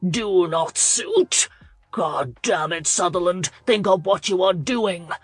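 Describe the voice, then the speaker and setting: A woman's voice: on the low side, fairly even intonation, unhurried, fairly bright tone. A woman reader voicing a furious older earl who roars and blusters. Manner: angry, blustering delivery.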